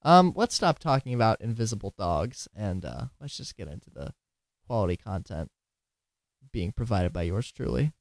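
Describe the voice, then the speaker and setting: Podcast host, male, tired and giggly, rambling casual delivery with some slurring, lowish voice, dry close mic. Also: sing-song, moderate pace, no room sound. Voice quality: drowsy, slurring at times. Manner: giggly, rambling, self-deprecating.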